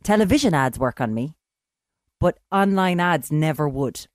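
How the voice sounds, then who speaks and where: Woman, low voice, deadpan one-liners, casual chat, dry close sound. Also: moderate pace, no echo. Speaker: podcast co-host.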